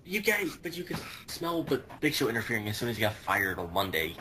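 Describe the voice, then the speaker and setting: A man giving his opinions in a casual panel chat, incredulous and quick to exclaim. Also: medium pitch, sing-song, heavy background noise.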